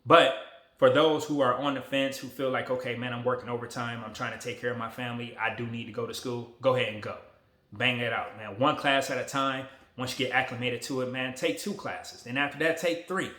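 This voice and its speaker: A man in his forties talking casually to a phone camera, relaxed, emotional and motivational. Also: medium pitch, fairly quick, roomy sound. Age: 40s. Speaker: vlogger.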